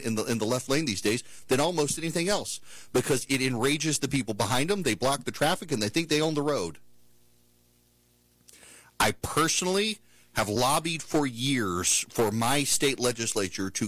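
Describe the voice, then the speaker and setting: A man's voice: medium pitch, fairly bright tone, dry recording. A male talk show host telling a story and ranting in an exasperated, opinionated monologue.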